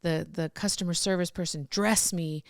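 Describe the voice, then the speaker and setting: Woman, middle-aged, podcast guest, candid storytelling, low pitch, dry room. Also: fairly even intonation, moderate pace, dry recording. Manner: rambling, with restarts and laughs.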